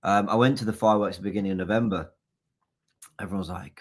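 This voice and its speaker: Animated man hosting a stream. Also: lowish voice, fast. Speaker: live stream host. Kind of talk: casual live-stream chat. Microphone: laptop stream mic.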